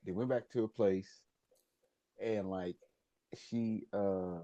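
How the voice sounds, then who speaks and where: Brief Man co-host, dark husky voice with a dry close sound, hesitant storyteller. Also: fairly low pitch, steady tone, takes it slowly, no room sound, lo-fi sound. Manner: rambling, hesitant storytelling with many restarts. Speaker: podcast co-host. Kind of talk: casual chat.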